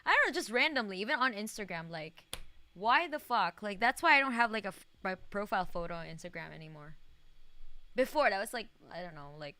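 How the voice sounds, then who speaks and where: A woman's voice: mid-range voice, expressive, brisk, sharp tone. A young woman streaming a video game, chatting casually in a rambling way, full of fillers and swearing and laughing often. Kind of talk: casual live-stream gaming chat.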